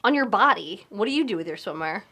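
Animated woman podcast host, lively pitch. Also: quick pace, breathy edge. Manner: animated storyteller, swings into loud quoted voices. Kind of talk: casual podcast chat.

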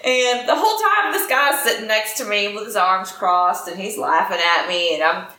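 A woman pilot telling a flying story in a casual interview, animated and laughing often, with many fillers. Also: medium pitch, unhurried. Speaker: guest pilot. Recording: echoey room with faint ambience.

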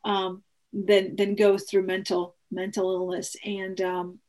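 A woman telling a personal story in an earnest, animated way, acting out the dialogue with frequent restarts. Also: mid-range voice, takes it slowly.

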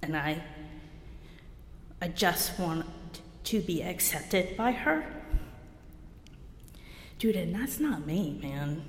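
A blunt woman from New Jersey gives a candid personal share at a recovery meeting, wry and self-deprecating with bursts of laughter. Her voice sits on the low side, expressive and slow, with long pauses. The echoey hall adds long reverb and slight background noise.

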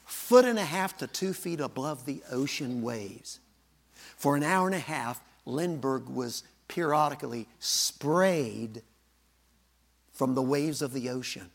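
A male preacher telling a story in a sermon, with a dramatic manner that swings from booming lines to hushed ones. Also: lively intonation, measured pace, gravelly.

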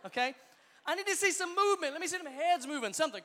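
Man, youth pastor, crowd hype-man energy; fast, sharp, bright voice with hall reverb. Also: very high-pitched. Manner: upbeat, playful, joking with the audience. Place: large hall with a live youth audience.

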